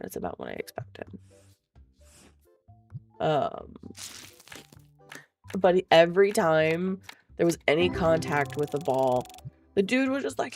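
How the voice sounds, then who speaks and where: Gravelly-voiced woman, blunt storytime chat. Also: low voice, a little mellow. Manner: blunt, profane, laughs often. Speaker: vlogger telling a story.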